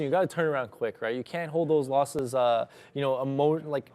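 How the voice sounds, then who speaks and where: A young man day-trades on a live stream, narrating his moves in a loose, rambling manner full of fillers as he thinks aloud. His voice is mid-range and darkish, and he speaks fairly quickly.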